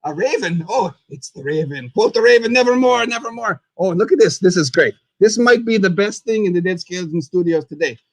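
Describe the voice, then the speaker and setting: A man hosting a live puppet talk show as a goofy, chatty skeleton, rambling and excitable, and referring to himself in the third person. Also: high voice, fairly quick, few pauses, breathy edge, no room sound. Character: goofy skeleton host, male, chatty and silly. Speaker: host.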